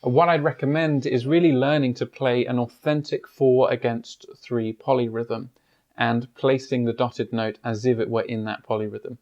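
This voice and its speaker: Measured male piano teacher. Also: medium pitch, steady tone, darkish tone. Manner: measured, explanatory, with frequent pauses and fillers. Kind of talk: instructional explanation at the piano. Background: piano playing.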